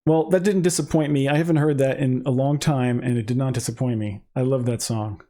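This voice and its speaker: A man's voice: medium pitch, fairly even intonation, brisk, mellow. A man co-hosting a music reaction show, chatting casually and eagerly explaining musical details. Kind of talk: casual chat reacting to songs.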